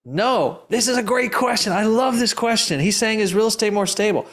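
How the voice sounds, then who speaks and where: Fielding live questions from an audience, this man who teaches investing speaks at a moderate pace in a voice that sits high. His delivery is emphatic and meandering, full of stories and laughter, with frequent restarted sentences.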